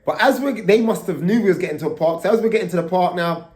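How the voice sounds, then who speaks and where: A man's voice: sits high, fast talker, a little mellow, reverberant. A man, telling a story to his vlog camera in a loose, casual way. He swears freely and keeps tagging lines with "right?". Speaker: vlogger.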